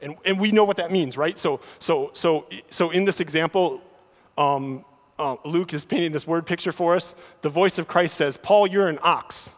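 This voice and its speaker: A man preaching a sermon, often repeating words as he starts a thought, with animated delivery. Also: on the high side, moderate pace. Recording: long hall reverb.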